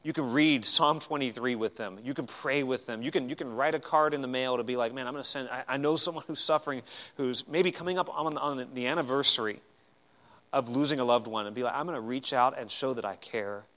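Bright-voiced man preaching a sermon. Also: medium pitch, a little fast. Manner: earnest preaching with sweeping rises and drops in loudness; repeats words when restarting. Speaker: pastor.

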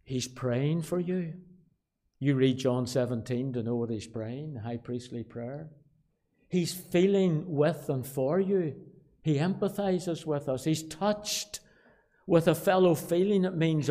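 A man with a Belfast accent preaching a sermon, shifting from quiet asides to loud, emphatic declarations and repeating key phrases. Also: a little high. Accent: Northern Irish, Belfast. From Northern Ireland. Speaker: pastor.

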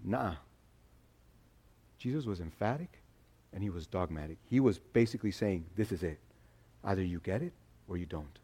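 A man preaching a sermon in a conversational, animated way, acting out quotes as he goes. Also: low voice, moderate pace, pauses often, breathy edge. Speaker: pastor.

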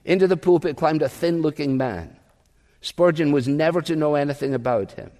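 A man preaching a sermon, telling a story earnestly and closing in quiet prayer. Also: fairly high pitch, moderate pace, long reverb tail. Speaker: pastor.

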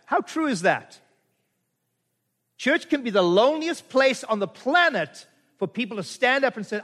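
A man's voice: extremely high pitch, sing-song, moderate pace, pauses often, fairly bright tone, long reverb tail. A middle-aged male pastor preaching a conversational sermon, firing rhetorical questions at his congregation. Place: church.

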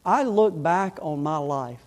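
A middle-aged man preaches from the pulpit with fervor, his voice pitched high and swinging from loud to hushed. The church has a long, ringing reverb. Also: expressive, slow. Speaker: pastor. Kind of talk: sermon. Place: church sanctuary.

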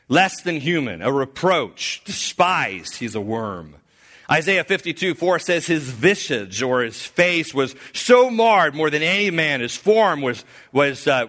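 A man preaching a sermon, swinging between loud, emphatic lines and hushed, slowed passages, often restarting his sentences. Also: fairly high pitch. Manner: earnest, with frequent restarts and filler.

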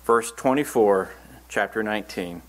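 A man's voice: on the low side, expressive, a little slow, fairly bright tone. A man preaching a Bible-teaching sermon, reading scripture verses aloud and then explaining them in earnest, plain words.

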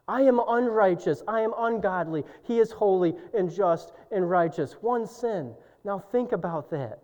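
A young adult man preaching a sermon as pastor, swinging from hushed, quiet passages to booming exclamations. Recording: dull echoey hall sound.

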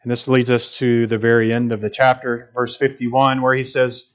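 A man's voice: mid-range voice, monotone, normal speed. A man preaching a sermon in an earnest, emphatic way, repeating phrases for stress.

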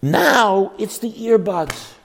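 A man's voice: slow pace, vocal fry. An older man teaching a class on biblical counseling, folksy and emphatic, with frequent restarts. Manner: folksy, emphatic, with animated swoops in pitch and many restarts. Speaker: Bible teacher.

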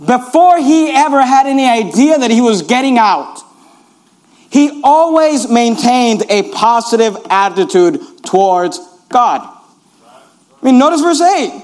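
A man's voice: extremely high pitch, lively intonation, a little slow, a little mellow. A man preaching a sermon in an earnest, emphatic way, urging listeners again and again to notice each point.

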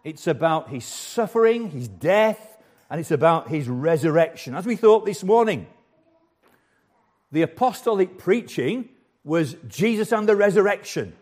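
A man's voice: fairly high pitch, sing-song, measured pace, darkish tone. An older man preaching a sermon as the church's pastor, earnest and emphatic, repeating key phrases for weight.

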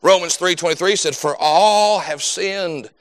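A man preaching a sermon as pastor, swinging from loud emphatic lines to low hushed ones in a preaching cadence. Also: a little slow.

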